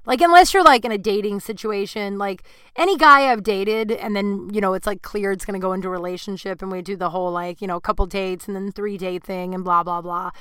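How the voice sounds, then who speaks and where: A woman's voice: medium pitch, steady tone, a little fast, fairly bright tone, clear, resonant tone, no echo. A woman hosting a podcast, telling candid, crude stories in a rambling way full of "like" and self-mocking asides. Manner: rambling, frank, heavy on "like". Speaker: podcast host. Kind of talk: candid storytelling chat.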